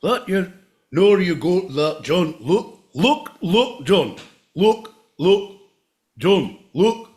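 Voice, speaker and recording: A rowdy, excitable Scottish bloke, as a man puts him on for an improvised comedy bit, with a thick Scottish accent. He speaks slowly but swoops all over his pitch, leaning on the listener's name again and again. The voice sits a little high for a man. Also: full character voice. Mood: insistent. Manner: insistent, repeats the listener's name constantly.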